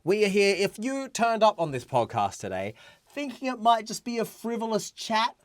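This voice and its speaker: A man's voice: high-pitched, huge pitch swings, normal speed, no room sound, clean studio sound. A man co-hosting a casual podcast chat, theatrical and playful, teasing his co-host.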